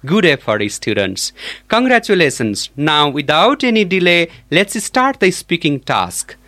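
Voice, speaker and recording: A male teacher, giving a classroom pronunciation lesson and modeling each word slowly and deliberately. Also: fairly high pitch, very animated, bright, forceful tone. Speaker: English teacher.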